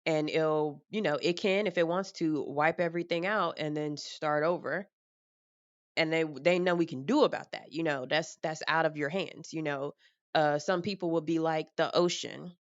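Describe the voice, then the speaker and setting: A woman's voice: low voice, fairly even intonation, normal speed, no echo, dull audio. A young woman talking casually and frankly to camera, rambling through her thoughts with a bit of swearing. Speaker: vlogger. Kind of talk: casual personal talk.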